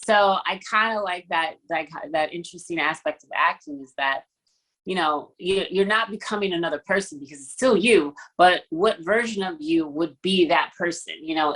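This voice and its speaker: A woman's voice: fairly low pitch, fairly bright tone, low-quality recording. A young adult woman, an actress guest, chatting casually on a video call, talking with lots of fillers and easy laughs. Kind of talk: casual interview chat.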